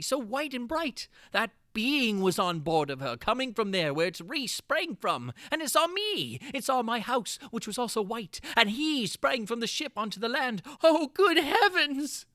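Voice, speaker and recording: A man reads a horror tale aloud with heavy theatrical feeling, lurching between frantic outbursts and low, hushed brooding. His voice is bright and sharp, and the recording is dry and close with no room sound. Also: no room sound. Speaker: narrator. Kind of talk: dramatic reading of a horror tale.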